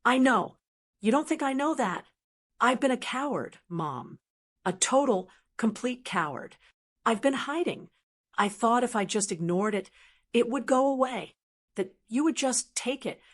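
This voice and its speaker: A man's voice: extremely high pitch, animated, a little slow, fairly bright tone, full character voice. A woman doing a tearful grown son. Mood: remorseful. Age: 40s. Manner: broken, apologetic.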